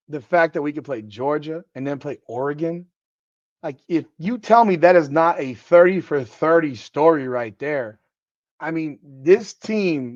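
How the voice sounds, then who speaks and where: A man hosting a live sports podcast, hoarse with a worn-out voice, talking in an excitable, profane, trash-talking way while reading the chat. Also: on the high side, no echo, muffled recording. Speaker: podcast host.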